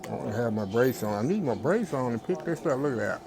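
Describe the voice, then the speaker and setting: A man's voice: medium pitch, lively intonation, quick pace, crowd noise. A man, a food vlogger hosting, chatting casually to viewers and calling them y'all. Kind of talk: casual vlog chat to viewers. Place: car in the rain, then small diner. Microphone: lapel mic. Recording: noisy road and diner background.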